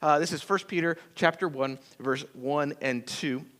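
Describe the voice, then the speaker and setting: A man preaching a sermon as pastor, telling stories in a folksy, animated way with acted-out quotes. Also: fairly high pitch, a little slow. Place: church sanctuary.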